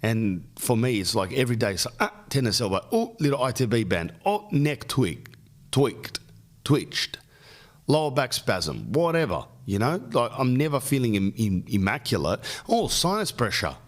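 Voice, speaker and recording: A middle-aged man with an Australian accent, hosting a podcast and telling a long, rambling story full of jokes and quick lists. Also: mid-range voice, big pitch swings. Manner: rambling, jokey, riffs on lists. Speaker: podcast host. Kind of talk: casual storytelling monologue.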